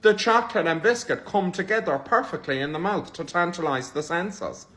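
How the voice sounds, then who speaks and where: An Irish man ranting comically to camera, swearing, deadpan, dropping to low mutters between loud bursts. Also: normal speed. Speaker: comedian in played clips.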